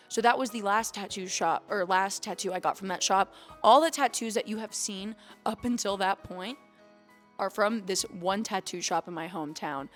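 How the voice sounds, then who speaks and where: A woman's voice: medium pitch, normal speed. A young woman talks straight to her camera at home, telling personal stories in a candid, emotional way. She swears freely and sounds close to tears. Faint music runs under her voice. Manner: candid and emotional, swearing casually, acting out quotes. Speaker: streamer and vlogger. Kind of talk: personal storytelling vlog.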